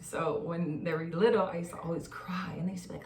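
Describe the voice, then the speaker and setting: A woman's voice: medium pitch, fast, hardly any pauses, a bit bright. Chatty woman host in an echoey room. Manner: chatty, laughing, acts out quotes. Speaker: podcast host. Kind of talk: casual chat. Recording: echoey room, distant mic, faint noise.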